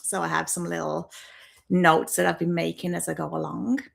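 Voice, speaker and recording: A woman in her fifties from Birmingham with a softened West Midlands accent, chatting nervously and laughing often as she hosts her own livestream on a laptop microphone. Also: fairly low pitch, little pitch movement, moderate pace, creaky. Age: 50s. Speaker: YouTuber hosting her first livestream. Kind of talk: casual livestream chat to viewers. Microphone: built-in laptop microphone.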